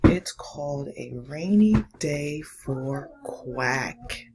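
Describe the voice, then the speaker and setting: Slow, patient woman teaching first graders. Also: low voice, lively intonation, noisy background. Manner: slow, patient, encouraging teacher talk to young children. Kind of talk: remote phonics lesson and read-aloud.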